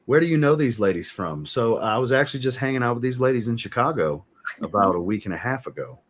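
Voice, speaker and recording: A man's voice: mid-range voice, lively intonation, fast, slight background noise. A man hosting a casual livestream, reviewing fragrances and reading out chat comments in an easygoing way.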